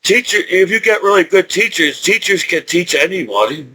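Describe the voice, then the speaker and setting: A middle-aged man telling rambling stories in a casual, excitable way, repeating himself and restarting often. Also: high-pitched, moderate pace, breathy edge, poor audio.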